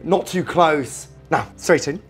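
A man impersonating a foul-mouthed, hot-tempered middle-aged celebrity chef. He swears constantly, keeps barking "okay?" and bursts into shouting. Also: fairly high pitch, slow pace, faint music behind. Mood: instructive bravado. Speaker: impressionist. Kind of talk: comedic cooking demonstration impression.

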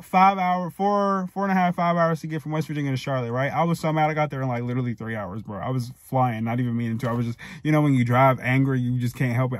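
A man's voice: mid-range voice, no echo, clean studio sound. A man in his twenties casually telling a personal story, heated and profane, rambling with many fillers and restarts. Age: 20s. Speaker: storytime vlogger.

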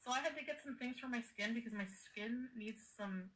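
A woman's voice: on the high side, a little fast, a bit bright, poor audio. A woman chatting casually on a livestream, tired and giddy, laughing often and greeting viewers by name. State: exhausted, delirious from travel.

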